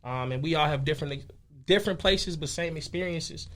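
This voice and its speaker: A man's voice: a little high, a little fast, fairly bright tone. A young man from Chicago, a musician guest talking loosely and casually in an interview, with many fillers. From west side of Chicago. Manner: laid-back, loose and conversational, with many fillers.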